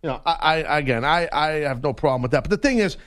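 A man's voice: fairly high pitch, expressive, quick pace, fairly bright tone. A man co-hosting a sports radio show, talking in an emphatic, argumentative way. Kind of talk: casual sports radio chat.

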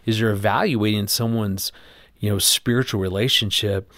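A middle-aged man speaks as a guest on an interview show, earnest and warm-hearted in tone as he tells stories and acts out the people in them. His voice is low, and it is recorded close and dry in a studio. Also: fairly even intonation, normal speed, no room sound. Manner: earnest storyteller who acts out quoted voices. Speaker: guest marriage expert. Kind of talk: conversational interview storytelling.

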